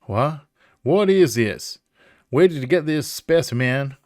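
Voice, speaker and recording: A man putting on a gruff Southern professor. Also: mid-range voice, expressive, takes it slowly, darkish tone, no echo, clean studio sound. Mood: suspicious. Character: gruff older male scientist, indignant and suspicious.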